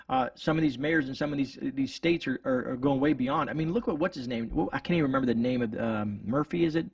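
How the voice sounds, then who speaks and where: A man's voice: mid-range voice, husky, dry recording, recorded from a distance. A man hosting his channel, giving indignant, rambling political commentary with many restarts. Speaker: homestead channel host.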